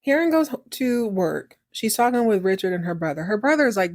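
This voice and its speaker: A woman recapping a TV drama on her podcast in a loose, talky way, quoting the characters and reacting as she goes. Her voice sits in an everyday middle pitch and sounds close and dry, with no room around it. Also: big pitch swings, brisk, no room sound. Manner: chatty and opinionated, acts out characters' lines, laughs and reacts loudly. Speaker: podcast host recapping a TV series. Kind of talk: casual chat.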